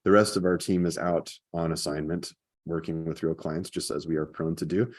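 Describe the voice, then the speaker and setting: With a bass voice at a moderate pace, a man hosts a podcast in casual conversation. He tells stories and gets animated when quoting lines, performing them energetically.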